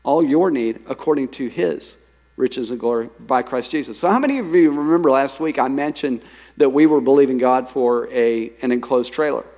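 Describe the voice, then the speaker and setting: A man preaching a sermon as pastor, lively, reading scripture and telling stories to his congregation. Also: medium pitch, moderate pace. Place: church sanctuary. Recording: long hall reverb.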